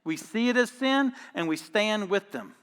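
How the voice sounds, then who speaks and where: A man's voice: sits high, expressive, moderate pace, fairly bright tone, smooth, in a large hall. A man preaching a sermon as pastor, telling stories in an emphatic, folksy, conversational way. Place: church auditorium.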